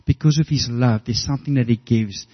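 Brief: middle-aged pastor, mid-pitched, earnest, storytelling sermon with restarts, muffled lo-fi audio. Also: male voice, fairly quick.

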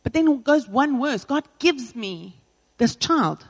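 A woman's voice: fairly high pitch, lively intonation, normal speed, a little mellow, big-room sound, low-quality recording. A woman pastor preaching a sermon in an earnest, personal way, driving her points home with repetition.

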